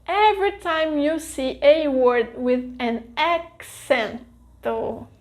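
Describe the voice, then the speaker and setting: With a high-sitting voice, a native Portuguese speaker from Brazil delivers a scripted language lesson in a careful, clear manner.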